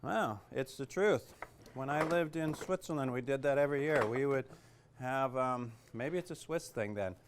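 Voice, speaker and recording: A man's voice: medium pitch, moderate pace, background noise. A man teaching a cooking class in a kitchen, chatty and joking, with lots of fillers. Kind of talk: casual cooking demonstration.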